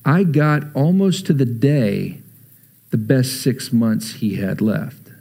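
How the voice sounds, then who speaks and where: A man in his thirties preaching a sermon, talking to the congregation like a friend, shifting between loud urging and quiet, heavy stretches. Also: medium pitch, very animated, takes it slowly, slightly rough. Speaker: pastor.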